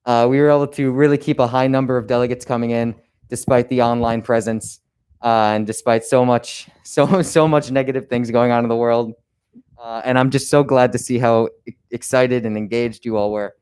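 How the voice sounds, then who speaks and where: A young man as conference organizer, giving a closing ceremony speech in an earnest, halting way with many restarts. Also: medium pitch, flat delivery, a little mellow, smooth. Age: young adult.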